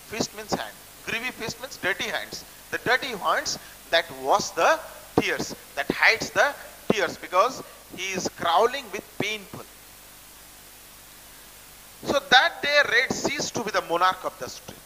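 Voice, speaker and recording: An Indian English man lecturing a class on a story, with a high voice and a very bright, sharp tone. He repeats himself and circles back to define words. The recording carries a long echo and a faint hiss. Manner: repetitive, restarts phrases while explaining word meanings. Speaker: college English teacher. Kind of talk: explaining a textbook story to students.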